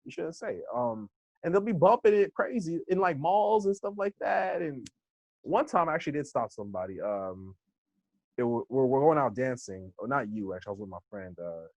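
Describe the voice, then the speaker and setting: A young American man from Los Angeles, a guest in a casual interview, telling stories with lively acted-out quotes and frequent laughs. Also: medium pitch, fairly quick, no room sound, dull audio. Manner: animated storyteller who acts out quoted voices, laughs often. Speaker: interview guest, hip hop instructor.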